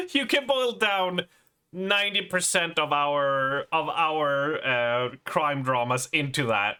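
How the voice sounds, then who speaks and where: A man's voice: fairly high pitch, slow, sharp tone, clean tone. A young adult Swedish man with a Swedish accent, casually chatting and laughing as he reacts on a live game stream, often stumbling over words. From Sweden.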